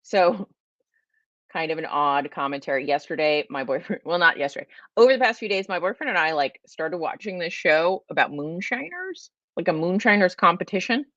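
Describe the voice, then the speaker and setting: A chatty woman with a Californian accent and a slightly nasal voice hosts a casual livestream and rambles between viewer questions, saying "like" often. Her voice sits fairly low for a woman. The sound is dull and lo-fi, dry with no room echo. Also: expressive, normal speed, fairly bright tone. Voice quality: a little nasal. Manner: rambling, chatty, says "like" a lot. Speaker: host answering viewer questions.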